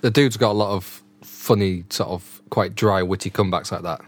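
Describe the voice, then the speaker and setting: A man's voice: deep voice, moderate pace. A man co-hosting a casual podcast, chatty and laughing often. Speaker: podcast co-host.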